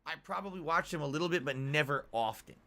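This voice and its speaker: A livestream host talking casually through chat questions, sarcastic and quick to mock himself. His voice sits a touch high and bright, and his pitch swings in a very lively way. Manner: sarcastic, self-mocking, with stumbling restarts. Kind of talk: casual live-stream chat, reading chat questions.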